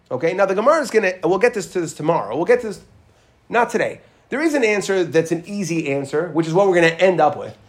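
A man teaching a Talmud class, walking through the text with questions and repeating Hebrew phrases in a chanting rhythm. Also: sits high.

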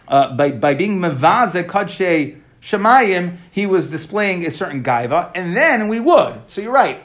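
A man teaching a Talmud class, reading each line and explaining it in casual, lively talk with modern asides. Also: sits high. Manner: reads each phrase, then explains it casually.

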